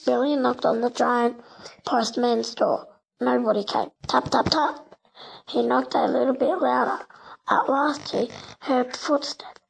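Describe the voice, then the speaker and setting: A woman reading a children's storybook aloud, slow and deliberate, with occasional slips. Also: fairly high pitch, steady tone, vocal fry, slight background noise, poor audio.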